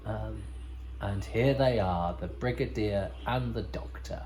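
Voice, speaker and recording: A man's voice: on the low side, takes it slowly, darkish tone, rough recording. A man hosting a podcast, giving casual, rambling commentary over a TV episode with wry asides and frequent self-corrections. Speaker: podcast host.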